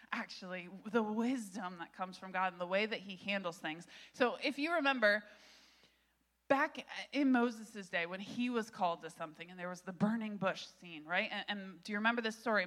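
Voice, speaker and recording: A woman in her thirties, a pastor, giving an animated, conversational sermon with frequent laughter. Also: mid-range voice.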